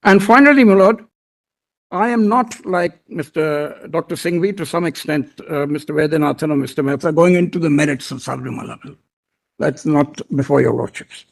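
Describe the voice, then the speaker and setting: High-voiced man arguing before judges. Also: gravelly. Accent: Indian English. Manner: deliberate, deferential, repeats "my lord" often. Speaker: senior advocate arguing before a court bench. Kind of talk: courtroom legal argument.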